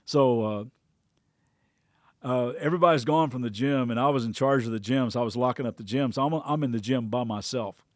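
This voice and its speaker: Man, middle-aged, pastor, devotional podcast, mid-pitched voice, conversational, dry recording. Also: a little fast, dry recording. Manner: conversational, with frequent restarts and acted-out quotes.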